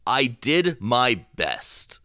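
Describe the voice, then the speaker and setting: A man plays a solemn patriarch who insists that duty comes before anything else. He talks slowly and lectures, and his pitch rises and falls widely. The tabletop role-play is recorded dry and close. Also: big pitch swings, bright, forceful tone, no echo, heavily acted. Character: stern duty-bound family patriarch, male.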